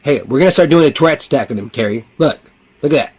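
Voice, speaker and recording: A man voicing a mocking male tormentor who talks about him in the third person, in excited, jeering bursts. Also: fairly high pitch, fast, slightly rough, pitched above the performer's own voice. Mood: taunting.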